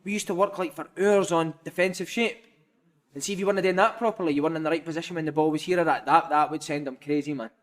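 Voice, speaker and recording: A man, a former footballer telling animated, sweary dressing-room stories as a podcast guest. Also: a little high, quick pace. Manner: animated, swearing, lots of "mate". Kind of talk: casual storytelling chat.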